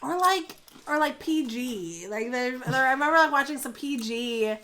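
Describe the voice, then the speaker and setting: A woman co-hosting a relaxed vlog chat, her voice bright and a little higher than most. She talks in quick, animated bursts, full of filler words, and sounds casual throughout. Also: a little hiss or hum. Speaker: co-host.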